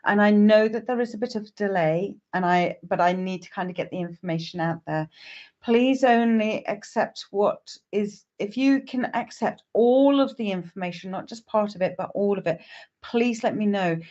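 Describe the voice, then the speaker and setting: A woman's voice: medium pitch, moderate pace, a little mellow. A woman with a mid-range voice, hosting a live-stream reading in an easy, chatty way. She greets viewers one by one. The sound is dull and lo-fi, like stream audio. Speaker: psychic medium.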